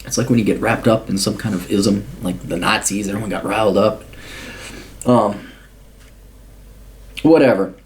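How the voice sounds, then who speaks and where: A man's voice: on the low side, normal speed, long pauses, slight background noise. A man giving an angry, blunt, profane monologue answering a viewer's question, with frequent restarts. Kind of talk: ranting commentary monologue.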